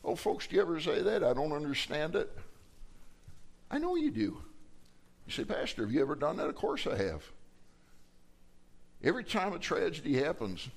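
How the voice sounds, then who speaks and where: A man's voice: big pitch swings, moderate pace, creaky, long pauses, breathy edge. A middle-aged man, a pastor, preaching a sermon in a folksy, conversational way, his voice jumping up when he acts out prayers and questions to God. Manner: folksy and conversational, acting out quoted prayers with rising pitch.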